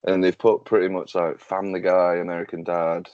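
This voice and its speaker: A man's voice: low-pitched, level tone, a little fast, a little mellow, no room sound, lo-fi sound. A man hosting a casual podcast chat, loose, sweary and joking. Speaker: podcast host.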